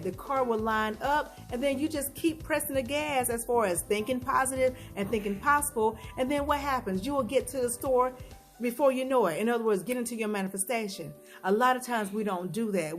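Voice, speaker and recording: A woman coaches her listeners in an emphatic, preachy way and keeps asking questions that she then answers herself. Her voice sits fairly high, and soft music plays underneath. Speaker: vlogger giving advice. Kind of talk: motivational talk to camera.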